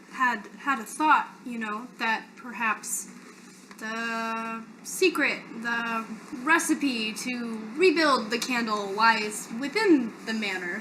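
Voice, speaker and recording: A woman player speaks slowly and deliberately in a bright voice, probing with careful questions. A faint hiss of noise runs under her. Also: a little high, poor audio. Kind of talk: in-character tabletop play.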